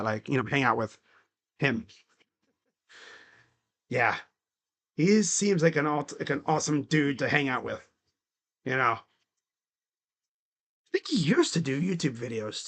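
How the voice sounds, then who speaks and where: A man with a fairly high voice calls a basketball game live for his stream. He talks casually and rambles between plays, saying "like" a lot. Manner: casual, rambling, heavy use of "like". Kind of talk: live play-by-play reaction commentary.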